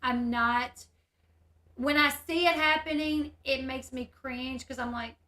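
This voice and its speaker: A high, bright-voiced woman talks casually on her livestream. She is candid and chatty, reading viewer comments aloud as she goes. Her voice carries a noticeable echo from the room at home. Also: steady tone, unhurried. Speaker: YouTube host.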